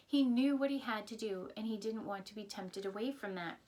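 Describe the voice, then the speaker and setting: A woman's voice: mid-range voice, fairly quick, hardly any pauses, a little mellow. A woman teaching a Sunday school lesson, retelling a Bible story in simple words and often reminding her listeners of earlier lessons.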